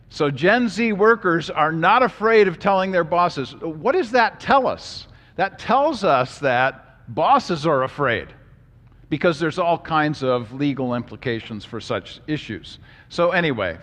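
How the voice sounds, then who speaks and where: Guy teaching a bible class w slides, kinda high voice, punchy, cracks jokes, big echoey hall. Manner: animated, emphatic, joking asides. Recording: long hall reverb.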